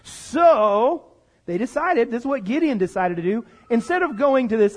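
A middle-aged male pastor preaching a lively sermon, joking and calling out to the congregation. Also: extremely high pitch, moderate pace.

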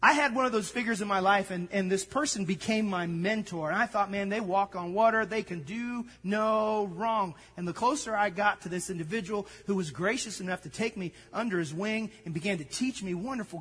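A man preaching a sermon, telling a story and acting out the dialogue with lively energy. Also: high voice, slightly rough, long reverb tail. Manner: storytelling, animated, acts out dialogue. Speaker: pastor.

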